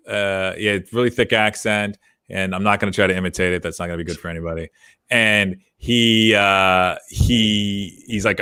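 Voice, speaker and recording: A man co-hosting a business podcast in casual chat, telling stories in an animated way that gets heated. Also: low voice, no room sound, studio quality. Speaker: podcast co-host.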